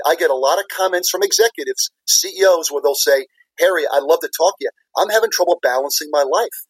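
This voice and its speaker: A man's voice: fairly high pitch, breathy edge, no room sound, low-quality recording. A man, a business leader and former CFO, answering interview questions in an earnest, explanatory way, repeating key words for emphasis.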